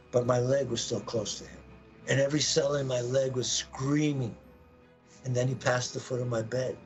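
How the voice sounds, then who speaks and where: A man telling an intense personal story on a live podcast, acting out his own words and the words of others with sudden jumps in pitch. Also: low-quality recording. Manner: animated, acts out quoted voices with sudden pitch jumps.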